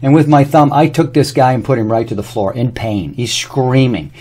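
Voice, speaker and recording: Man, casual talk to camera, rambling, anecdotal, mid-pitched voice. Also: normal speed, dark tone, slightly rough. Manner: rambling, anecdotal, shows on his own body. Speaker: presenter demonstrating a health product.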